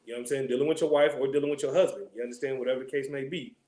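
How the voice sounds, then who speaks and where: Fast-talking joking man in echoey room. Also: mid-range voice, fairly even intonation, warm tone. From California. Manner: loose, joking, streetwise slang, constant check-ins with listeners. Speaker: class teacher. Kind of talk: casual scripture class talk.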